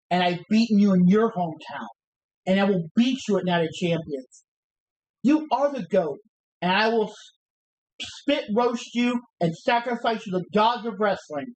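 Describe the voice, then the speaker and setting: A woman's voice: medium pitch, lightly acted, poor audio. A woman doing a cocky male wrestler's taunting promo. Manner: taunting, cocky, stumbling over words while reciting. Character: brash male pro wrestler cutting a defiant promo. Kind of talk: re-enacting a wrestling promo on a livestream.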